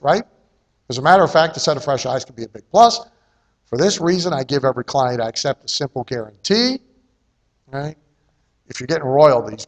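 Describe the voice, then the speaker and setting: A man's voice: a little high, a bit bright. A man giving a live seminar talk on marketing, blunt and conversational, often checking in with his listeners and not shy about cursing. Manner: salty and irreverent.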